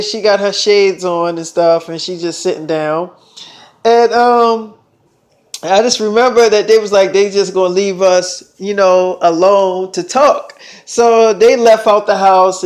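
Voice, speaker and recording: A young man casually rambling through a storytime monologue, retelling conversations loosely. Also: high voice. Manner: rambling, loose retelling full of "I'm like" and "she like".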